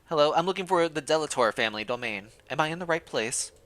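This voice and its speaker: A man's voice: a little high, lively intonation, quick pace, fairly bright tone, pitched above the performer's own voice. A man voicing a polite young woman who is a new schoolteacher, in his own plain friendly voice.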